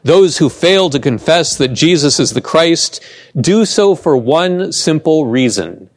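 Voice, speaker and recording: A man preaching a sermon, slow and deliberate, with emphatic pauses on key words. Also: on the high side, lively intonation, no room sound, clean studio sound. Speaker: pastor.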